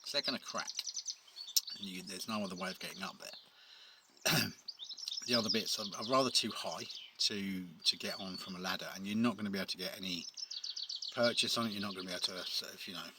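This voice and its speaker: A tradesman with a fairly low voice tells a story in a rambling, chatty way, full of ums and wry asides. He talks outdoors, with loud background noise and birds chirping behind him. It sounds like a casual vlog. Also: fairly quick. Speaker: painter and decorator.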